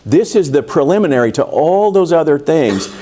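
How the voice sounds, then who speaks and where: A man's voice: fairly high pitch, very animated, moderate pace, dark tone. A man preaching a sermon in a church, talking in a loose, conversational way with asides and restarts. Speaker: pastor. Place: church sanctuary.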